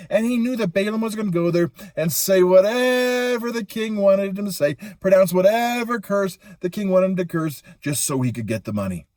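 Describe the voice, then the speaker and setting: A man telling a Bible story to children in an animated, playful way. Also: high-pitched, no room sound, studio quality.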